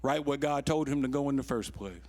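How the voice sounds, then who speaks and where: With a medium-pitched voice, a pastor in his sixties tells a story from the pulpit. He drops to near-whispers before rising to loud high points, lingering slowly over key phrases.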